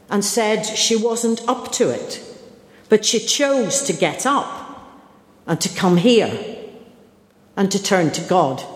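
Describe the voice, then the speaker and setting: A woman delivers a sermon at a slow, deliberate pace, earnest and reflective, pausing over searching questions. Her voice rings through a roomy church with a long reverb tail. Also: mid-range voice. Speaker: preacher.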